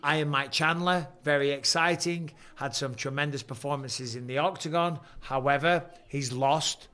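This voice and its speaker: A man's voice: fairly high pitch, fairly even intonation, normal speed, bright, forceful tone, smooth. A man in his forties hosting a casual fight-night livestream, boisterous and jokey, swearing freely. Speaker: livestream host.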